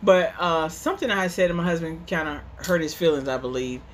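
A woman's voice: sits low, fairly quick, a little hiss or hum. A woman who is a marriage coach telling a personal story in a conversational, hesitant way at a church workshop. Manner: conversational, hesitant with fillers and restarts.

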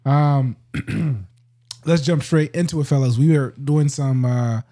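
A man's voice: mid-range voice, takes it slowly, dark tone. A young male podcast host talking casually with his friends. He is laid-back and full of slang, and he laughs easily between points. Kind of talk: casual chat.

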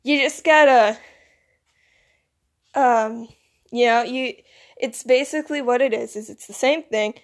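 A woman's voice: a little high, measured pace, pauses often. A woman with a Michigan accent talking in a casual, rambling monologue. She is groggy from just waking up and keeps filling gaps with "like" and "you know". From United States. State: groggy, recently woken. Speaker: vlogger.

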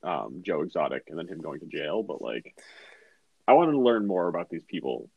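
A man's voice: low voice, sing-song, moderate pace, creaky, husky, dry recording, lo-fi sound. A man from Massachusetts co-hosting a podcast, asking questions and chatting casually. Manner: asks questions, brief acknowledgements. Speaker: podcast co-host. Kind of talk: casual chat.

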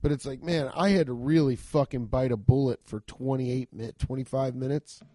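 A man, a stand-up comic, casually telling a profane story about a rough show, acting out both sides of the exchanges. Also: mid-range voice, normal speed, dry recording, studio quality. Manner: profane, animated retelling with quoted exchanges. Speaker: stand-up comedian.

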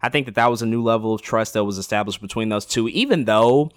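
Chatty low-voiced man reviewing a show. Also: fast, clean tone, no echo, studio quality. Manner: enthusiastic, many fillers and restarts. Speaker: podcast co-host. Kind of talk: casual discussion of a TV episode.

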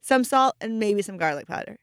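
Woman, casual podcast co-host, lively parenting anecdotes, dry close mic. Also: medium pitch, a little fast, smooth, dry recording. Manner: animated storytelling, acting out her kids' voices. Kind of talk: casual chat.

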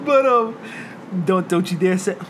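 A man with a high voice, co-hosting a casual podcast. He rambles through crude stories and keeps breaking into laughter. Clear background noise sits under his voice throughout. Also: a little slow. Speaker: podcast co-host. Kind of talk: casual chat. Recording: noisy room ambience.

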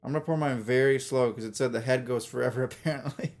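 A man co-hosting a casual beer podcast, goofy and quick to laugh. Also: mid-range voice, steady tone, darkish tone. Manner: goofy, laughs often, sing-song riffs. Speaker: podcast co-host. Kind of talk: casual chat.

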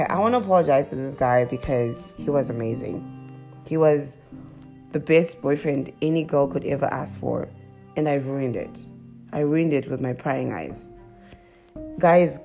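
Woman with a low voice that jumps all over, spilling a dating story to her viewers, faint music behind. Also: gravelly. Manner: animated, chatty, addresses viewers directly; laughs often and breaks into high squeals. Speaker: vlogger. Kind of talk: confessional storytime vlog.

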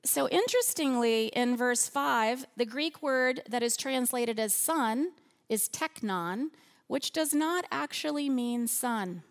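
A woman preaching a sermon in a church, slow and earnest, softening her voice on repeated phrases. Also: fairly high pitch, lively intonation.

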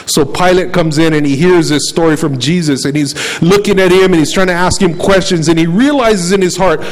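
A man's voice: on the high side, a little fast, hardly any pauses, low-quality recording. A male pastor preaching a sermon, retelling a story dramatically, acting out the characters' words and asking the congregation questions. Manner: dramatic retelling with quoted voices.

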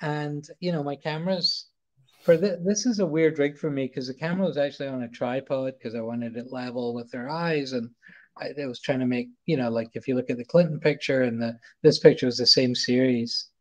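A man's voice: medium pitch, fairly quick. A middle-aged Scottish man telling a story as a podcast guest, rambling and often restarting his sentences. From Scotland. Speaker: guest, photographer. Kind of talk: casual anecdote storytelling.

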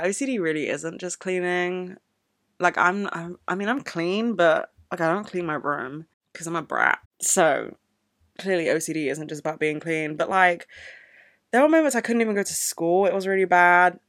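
A woman's voice: fairly low pitch, sharp tone, no room sound, clean studio sound. A young adult woman hosting her own podcast, chatting casually in a candid, profane, rambling way with many fillers. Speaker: podcast host. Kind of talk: casual solo podcast chat.

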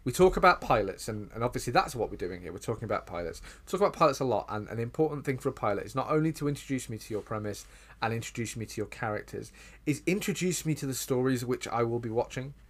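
Man, casual podcast chat, animated, mocking voices, mid pitch. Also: fast talker. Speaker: podcast co-host.

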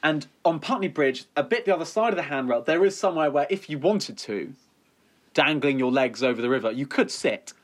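A man's voice: a little high, lively intonation, brisk. A man co-hosting a comedy podcast, chatting casually and playfully spinning absurd hypotheticals. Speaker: podcast co-host.

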